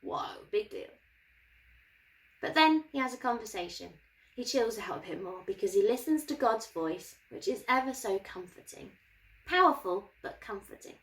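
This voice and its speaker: Lively woman teaching a kids' Bible lesson. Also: mid-range voice, normal speed, rough recording. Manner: animated, playful, encouraging. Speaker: church children's course presenter.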